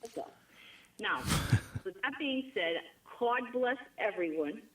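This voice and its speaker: A woman's voice: medium pitch, expressive, takes it slowly, low-quality recording. A middle-aged woman from Rhode Island with a strong Rhode Island New England accent, chatty and emphatic, talking as an interview guest. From Rhode Island, USA. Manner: chatty, emphatic, laughs often. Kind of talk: conversational interview.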